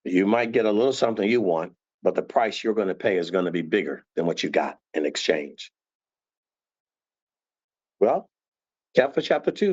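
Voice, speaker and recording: A man teaching scripture conversationally, animated and acting out tones of voice to make his points. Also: low voice, normal speed, pauses often, husky, highs cut off. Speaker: Bible teacher.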